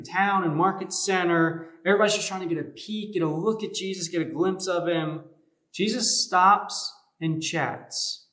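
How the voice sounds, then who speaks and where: A man giving a youth sermon as a youth pastor, talking casually and conversationally with everyday comparisons. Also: fairly high pitch. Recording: echoey room.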